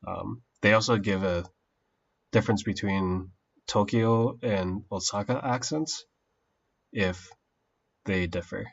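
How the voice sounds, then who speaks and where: A man with a very low voice talks at an unhurried pace, thinking aloud with frequent pauses and fillers. The sound is somewhat dull and lo-fi, as from a modest streaming mic. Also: gravelly, breathy edge. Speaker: language learner streaming his study. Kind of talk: casual study stream.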